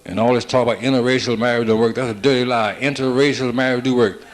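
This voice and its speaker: A man doing a stand-up comedy routine, rattling off one-liners built on quick "I said, she said" exchanges. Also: medium pitch, steady tone. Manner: rapid-fire joke telling with "I said, she said" setups.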